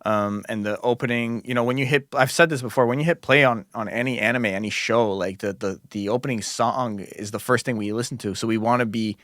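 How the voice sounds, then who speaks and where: Man, podcast host, enthusiastic, earnest, mid-pitched, dry close recording. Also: steady tone, fairly quick, hardly any pauses, a bit bright, no room sound. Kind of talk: casual podcast chat.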